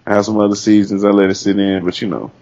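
A man's voice: fairly low pitch, level tone, fast talker, a little mellow. A man chatting casually as a co-host, telling rambling food stories full of slang and swearing. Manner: laid-back, rambling storytelling with slang and profanity. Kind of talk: casual chat. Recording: dull lo-fi sound.

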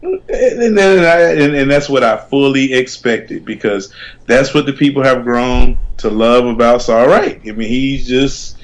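A man co-hosting a podcast, telling animated, rambling stories full of slang and restarts. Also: mid-range voice, measured pace. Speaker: podcast co-host. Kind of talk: casual chat, storytelling.

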